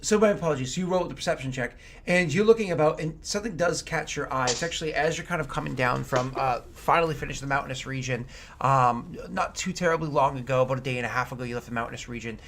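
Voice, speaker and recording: A man's voice: medium pitch, fast talker, fairly bright tone, slight background noise. A man running a tabletop game as game master, narrating in an easygoing, meandering way.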